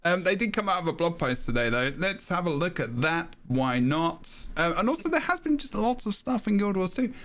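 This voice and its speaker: A man's voice: high-pitched, very animated, brisk, hardly any pauses, fairly bright tone. A man from London with an English accent, hosting a casual gaming podcast and laughing often. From northeast London, England. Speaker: podcast host. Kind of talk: casual chat.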